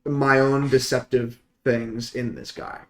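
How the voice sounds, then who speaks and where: A man's voice: mid-range voice, little pitch movement, takes it slowly. A man playing a tabletop role-playing game, earnestly explaining things to the group. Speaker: player. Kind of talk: casual tabletop play.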